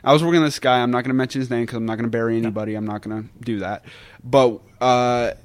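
A man's voice: mid-range voice, very fast. Man telling stories casually. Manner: animated storyteller who acts out quotes. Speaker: guest wrestler. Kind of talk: casual podcast storytelling.

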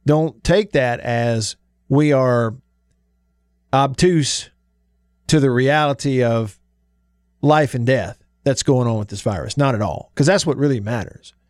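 A man hosts a sports talk radio show, rambling in a folksy, chatty way and leaning into words for emphasis. His voice sits at an ordinary middle pitch. It is picked up close and dry on a studio microphone. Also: unhurried, long pauses, darkish tone, dry recording.

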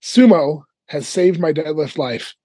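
Casting: husky, slightly high male guest, lively storyteller, dry close sound. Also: measured pace, no echo. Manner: animated storyteller, laughs often. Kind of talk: casual podcast chat. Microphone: remote call mic.

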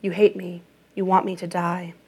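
A woman voicing a volatile, controlling female partner who turns accusing, low and gravelly. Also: little pitch movement, normal speed, a little mellow. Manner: menacing then shrill, accusing.

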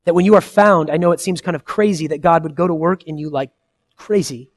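A man in his thirties preaching a sermon, earnest and conversational, swinging between loud emphasis and soft, quiet asides. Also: on the high side, brisk. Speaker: pastor.

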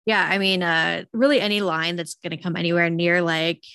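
A woman co-hosting a casual book discussion in a relaxed, wry way. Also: fairly low pitch, fairly quick, gravelly, clear, resonant tone, no room sound, clean studio sound.

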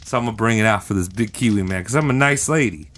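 A man voicing a kindly mom who bakes cookies, in a sing-song falsetto. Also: fast, a bit bright, lightly acted. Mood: sweet. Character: kindly middle-aged mom baking cookies.

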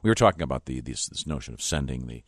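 A man hosting a morning radio show, chatty and chuckling, halting with fillers. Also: rumbling low, very animated, no echo, clean studio sound.

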